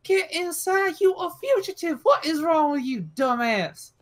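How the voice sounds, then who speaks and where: A woman's voice: very high-pitched, expressive, measured pace, pitched above the performer's own voice. A woman voicing a short-tempered, bossy Southern farm woman with a coarse, twangy Southern accent. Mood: yelling.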